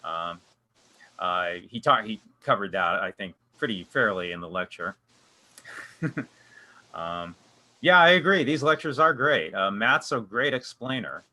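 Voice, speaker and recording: A man's voice: lowish voice, lively intonation, a little slow, long pauses, bright, forceful tone. A man leading a casual online discussion group, rambling with frequent restarts and fillers.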